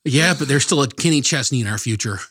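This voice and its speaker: A man's voice: mid-range voice, animated, fast, a bit bright, husky, dry recording. A man co-hosting a music podcast, telling stories and making dry jokes in casual chat. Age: adult past college age. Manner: storytelling, dry joking. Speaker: podcast co-host.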